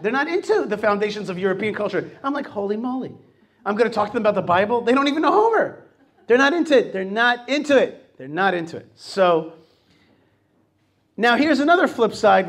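Animated high-voiced male talk host. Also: brisk. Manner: animated storytelling, acts out quotes. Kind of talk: casual radio talk.

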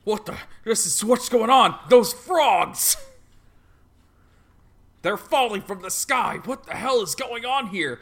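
A woman's voice: fairly high pitch, expressive, takes it slowly, voice pushed up. A woman voicing a nervous, polite male gate guard who stammers and hesitates.

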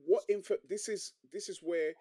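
A man with a high, husky, warm voice and fairly even intonation co-hosts a casual debate, halting through his point with many restarts and tossing in "bro" and "trust me." The recording is studio quality with no echo.

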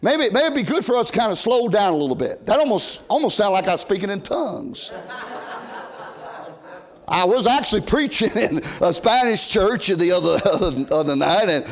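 An older man preaching an old-time sermon from a church pulpit, rising to loud shouted emphasis and dropping to quiet asides. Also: high-pitched, expressive, moderate pace. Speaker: pastor.

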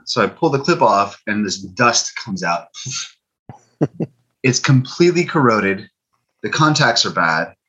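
Bright-voiced man telling a repair story. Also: lowish voice, measured pace, long pauses, breathy edge, highs cut off. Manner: animated retelling with acted quotes and fillers. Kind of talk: casual storytelling.

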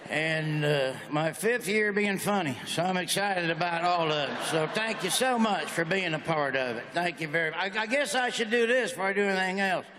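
A man's voice: sits high, animated, a little fast, hardly any pauses, crowd noise. A man performing a stand-up comedy routine, telling folksy stories with brash, punchy one-liners. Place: stage in a large venue. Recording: echoey hall with faint ambience.

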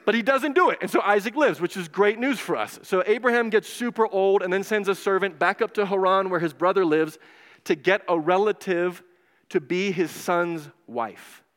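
A man preaching a casual, animated sermon in a church, retelling stories and acting out the voices with quick asides. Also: sits high. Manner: animated, digressive, acts out voices. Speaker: pastor. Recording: long hall reverb.

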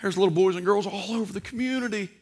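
A man's voice: sits high, fast, slightly rough, pitched above the performer's own voice. A man voicing a loving adoptive father speaking to his son, in a sermon story. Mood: earnest.

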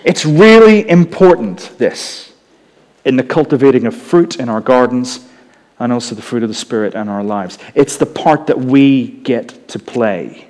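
Northern Irish preacher in a reverberant hall. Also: male voice, mid-range voice, expressive, unhurried, darkish tone. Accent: Northern Irish, softened. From Northern Ireland. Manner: conversational, with humorous asides. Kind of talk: sermon.

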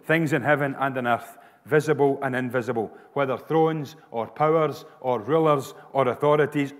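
A Scottish pastor preaching a sermon with emphatic, repeated phrases. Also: male voice, a little high, long reverb tail.

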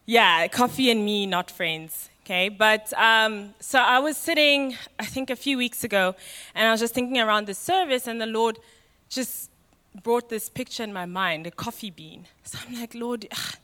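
A woman's voice: fairly high pitch, moderate pace, pushed and bright, in a large hall. A woman sharing at a church service in a chatty, apologetic way.

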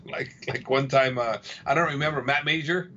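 A man's voice: mid-range voice, steady tone, moderate pace, sharp tone, highs cut off, slight background noise. A man, a fight coach, telling gym stories in a casual chat. He repeats himself and acts out what other people said. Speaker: fight coach and podcast guest.

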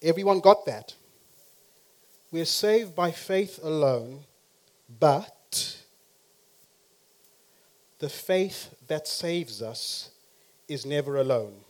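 A man preaching a sermon who talks straight to the congregation and swings from quiet to loud and emphatic. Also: fairly high pitch, expressive, extremely slow, long pauses.

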